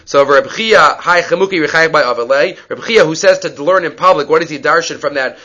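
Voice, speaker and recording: A man teaching a Talmud lesson, reading Aramaic and Hebrew aloud and explaining it in quick English, acting out each exchange. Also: a little high, muffled recording. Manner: animated, acts out dialogue with rising voice. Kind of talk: lively Talmud lecture.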